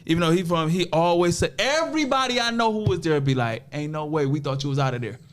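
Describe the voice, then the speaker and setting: Animated man telling a street story. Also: on the high side, quick pace, faint music behind. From Toledo, Ohio. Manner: animated, acts out other people's voices in quotes; profane street slang. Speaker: podcast guest. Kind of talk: casual storytelling.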